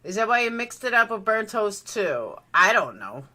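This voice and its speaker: Bright-voiced chatty woman streamer. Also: mid-range voice, sing-song, normal speed. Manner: chatty, rambling, reacting to a live feed. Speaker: livestream host. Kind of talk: casual live commentary.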